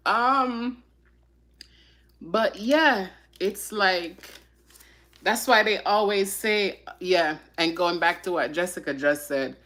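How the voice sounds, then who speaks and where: A woman hosting a casual live stream, speaking in a heartfelt, emotional and reflective way, often pausing with sighs and fillers. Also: lowish voice, fairly bright tone.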